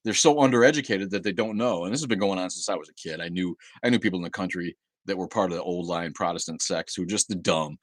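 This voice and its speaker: A man's voice: deep voice, quick pace, hardly any pauses, no echo. A man hosting his own livestream, talking heatedly and with lots of swearing, often repeating and restarting words. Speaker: livestream host. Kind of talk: angry livestream rant. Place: home livestream setup.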